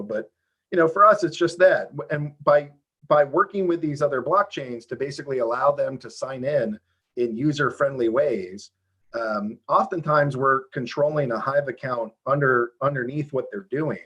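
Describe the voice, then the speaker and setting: Husky-voiced man explaining excitedly. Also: mid-range voice. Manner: animated, talks fast with many restarts and fillers. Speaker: game developer guest. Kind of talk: casual interview explaining a game.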